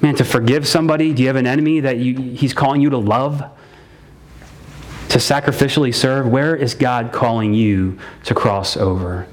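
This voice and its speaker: A man's voice: medium pitch, normal speed. A man preaching a sermon as pastor, repeating each phrase for emphasis and calling his listeners guys and man.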